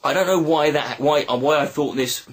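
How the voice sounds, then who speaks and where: A man telling a personal story in a reflective video monologue, halting and earnest with many restarts. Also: on the high side. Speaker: video blogger.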